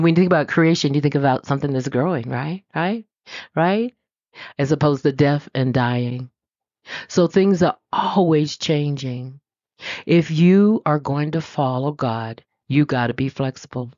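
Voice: medium pitch, a little mellow, no room sound. Conversational preacher telling a story. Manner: conversational, asks the listeners questions, laughs easily. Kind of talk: sermon with storytelling. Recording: dull lo-fi dry recording.

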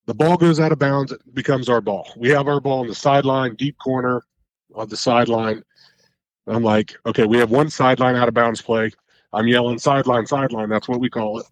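Talking a little fast in a mid-range voice, a head coach recounts a long game story during a relaxed podcast chat. He rambles animatedly and corrects himself along the way, and the recording is low quality with no room sound.

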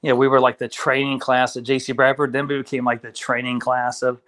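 A man, a guest on an interview show, telling his story in a casual, animated way, acting out the voices of people he quotes. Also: medium pitch, fairly quick. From Kentucky.

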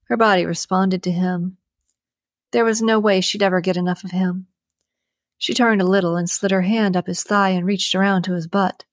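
A woman reading a romance novel aloud as narrator, in a measured, even storytelling delivery. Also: medium pitch, no echo, studio quality. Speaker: audiobook narrator.

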